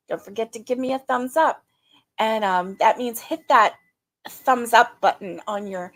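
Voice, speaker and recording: Chatting away on her casual livestream, this middle-aged host welcomes viewers by name and laughs easily. Her pitch is fairly high, and her throat seems a little strained.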